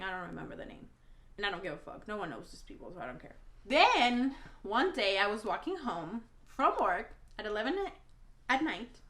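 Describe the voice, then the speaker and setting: A woman's voice: mid-range voice, pushed and bright, reverberant. A woman telling an emotional storytime vlog, blunt and rambling, swearing a lot, a native Spanish speaker talking in English. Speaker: vlogger.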